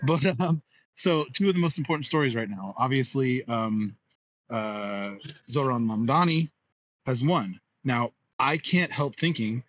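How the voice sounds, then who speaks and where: A man calling in from outdoors, halting with many fillers. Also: medium pitch, lively intonation, no room sound. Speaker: caller. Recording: dull dry call audio.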